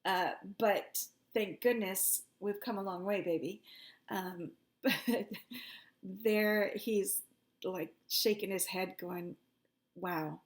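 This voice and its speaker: A woman psychic medium chatting casually to her viewers, animated and often laughing, her pitch jumping up when she gets indignant. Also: takes it slowly.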